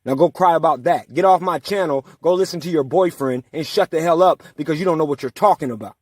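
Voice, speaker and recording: A man's voice: on the high side, fast, few pauses, a little mellow, no echo, clean studio sound. Taunting man ranting at his critics. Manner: confrontational, taunting, profane. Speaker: channel host. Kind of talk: angry ranting monologue.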